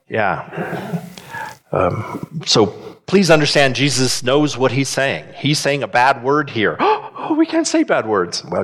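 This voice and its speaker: Male pastor, animated sermon delivery, slow and expressive. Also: mid-range voice. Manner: animated, asks the congregation questions.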